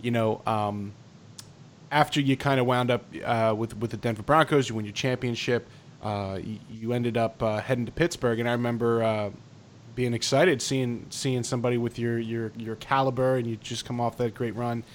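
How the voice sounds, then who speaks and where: A man hosts a casual podcast interview, enthusiastic and full of halting restarts. A faint low rumble sits behind his voice. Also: steady tone. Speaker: podcast host.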